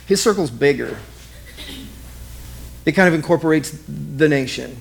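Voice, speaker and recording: A man's voice: fairly high pitch, measured pace, vocal fry, slight background noise. A man preaching a sermon as vivid present-tense stories, repeating key lines. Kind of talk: dramatic storytelling sermon.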